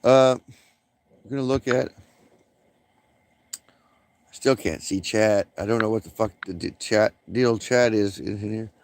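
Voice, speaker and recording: Gravelly, cursing man rambling on stream. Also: fairly low pitch, fairly even intonation, a little slow, long pauses, no room sound. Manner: profane, rambling, lots of fillers. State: coughing, smoking. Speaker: livestreamer. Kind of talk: late-night rambling livestream.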